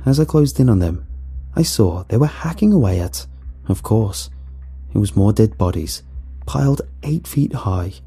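A man reading a horror story aloud in a dramatic, animated way, with faint music behind. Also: on the low side, a little slow, husky. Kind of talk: scripted horror narration.

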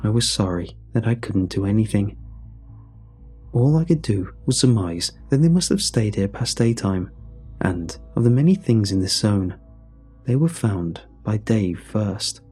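Male horror narrator: low, husky, measured and somber. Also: animated, mellow, faint music behind. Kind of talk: scripted horror story narration.

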